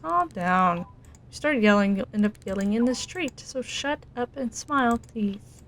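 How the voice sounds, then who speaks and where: A woman's voice: a little high, expressive, unhurried. A woman voicing a rude, irritated older male clerk in a video game. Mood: grumpy. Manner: gruff, irritated.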